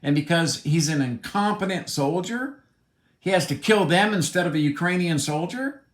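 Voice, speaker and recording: A man's voice: on the high side, expressive, measured pace. Blunt, heated man in a roomy space. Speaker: commentator. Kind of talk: opinionated monologue. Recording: roomy echo.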